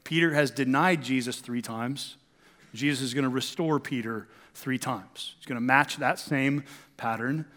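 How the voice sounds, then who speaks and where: A man's voice: medium pitch, measured pace, a bit bright, in a large hall. A male pastor preaching a sermon in a church, talking conversationally with rhetorical questions and emphatic swings.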